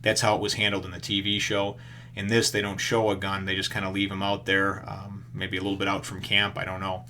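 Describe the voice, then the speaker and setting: A man's voice: deep voice, completely flat delivery, fairly quick, sharp tone, slight background noise. A man casually recapping a comic book issue, rambling and acting out the characters' lines as he goes. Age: adult with children.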